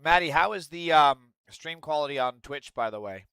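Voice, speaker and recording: A man's voice: fairly high pitch, lively intonation, normal speed, fairly bright tone, clean tone, dry recording. Profane, ranting male streamer. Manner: profane, ranting, reads news aloud. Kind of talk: casual live-stream commentary.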